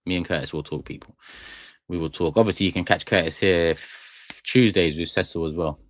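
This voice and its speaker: A man's voice: low-pitched, a little fast. A young man hosting a fan channel live stream, chatting to viewers in a rambling, jokey way. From England. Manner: rambling, jokey, talks straight to chat. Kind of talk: casual live stream chat. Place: small studio room.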